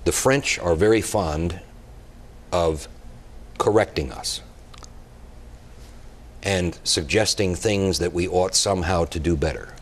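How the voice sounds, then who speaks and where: A man's voice: deep voice, slow pace, long pauses, slight background noise. A man speaking as a guest expert on a TV talk show, giving blunt, emphatic and impassioned answers.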